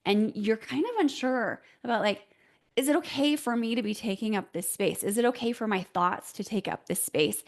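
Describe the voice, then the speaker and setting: A woman speaks unhurriedly, giving advice in a solo talk as a voice coach. Her words carry a gravelly edge of vocal fry, and she teaches with clear, deliberate phrasing and lifts of emphasis. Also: mid-range voice. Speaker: host, voice coach.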